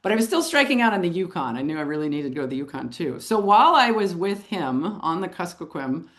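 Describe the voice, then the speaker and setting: A woman with a fairly low voice who tells her story in a lively, animated way. She is middle-aged and speaks as an interview guest, chuckling now and then as she talks. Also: fast talker. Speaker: photographer and author, interview guest.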